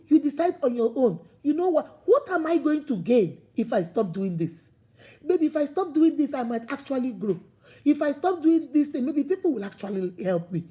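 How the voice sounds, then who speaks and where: This woman, a motivational speaker, uses a high, mellow voice with a soft edge. She's preachy and animated, voicing imagined people as she argues her points.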